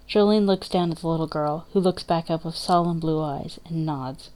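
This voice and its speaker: A woman reads dramatic fiction aloud, with measured, emotive narration. Her voice sits fairly low for a woman, and she gives the story steady attention. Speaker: story reader.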